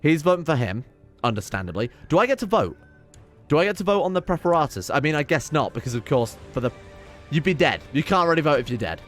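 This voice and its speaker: A young game streamer gives casual let's-play commentary on his strategy game, reading event text aloud with wry remarks and the occasional swear. His fairly high voice is very animated and fast, with faint music behind it.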